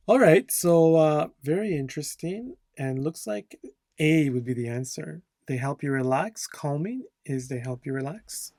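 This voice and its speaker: A man's voice: a little high, no room sound, studio quality. A man instructor working through test answers, repeating key words and reading the dialogue lines aloud. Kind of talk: tutorial explanation.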